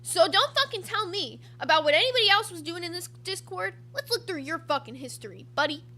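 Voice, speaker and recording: A woman's voice: very high-pitched, expressive, fairly quick, sharp tone. A woman hosting a livestream, reading super chats and giving blunt, profane commentary. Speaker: streamer host.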